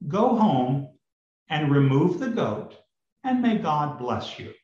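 A wise old rabbi gives advice in a calm, gentle way, as a preacher puts him on, speaking slowly in a fairly high man's voice. The recording sounds roomy and a little dull. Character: calm, kindly old male village rabbi.

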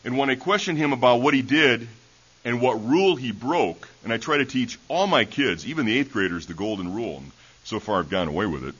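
A man's voice: medium pitch, lively intonation, brisk, a bit bright, slightly rough. A man who is a preacher and schoolteacher, giving a sermon in a folksy storytelling way, with many fillers and restarts, heard in a church. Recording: dull lo-fi recording.

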